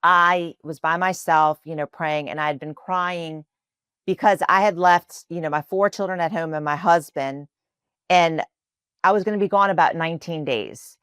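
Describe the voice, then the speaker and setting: Podcast guest, woman, Spanish first language, from New Orleans, low voice, heartfelt rambling storyteller. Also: normal speed, a bit bright, smooth, no room sound, studio quality. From New Orleans, USA. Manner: earnest, emotional, many fillers. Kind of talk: personal faith storytelling.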